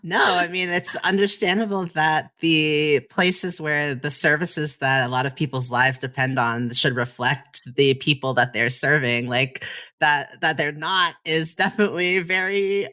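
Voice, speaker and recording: A podcast host guiding an interview with calm, measured questions. They listen closely and drop in soft murmurs of agreement. Their voice sits at an ordinary middle pitch.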